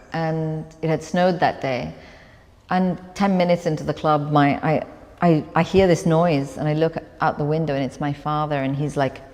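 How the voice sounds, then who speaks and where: Woman, author, lower voice, reflective storytelling, laughs often, live event, long hall reverb. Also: darkish tone. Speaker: author in conversation. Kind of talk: live onstage conversation, storytelling.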